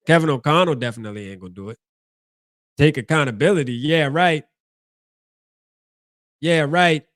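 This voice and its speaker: A man's voice: fairly high pitch, lively intonation, normal speed, a bit bright, dry recording, studio quality. A man hosting a fan postgame show, ranting casually with slang and lots of repeats and restarts.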